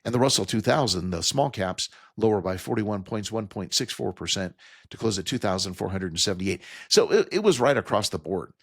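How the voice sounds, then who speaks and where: A man's voice: lowish voice, expressive, fairly quick, husky, no echo, clean studio sound. A man hosting a financial talk radio show, stressing key figures and explaining the numbers plainly to his listeners. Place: radio studio.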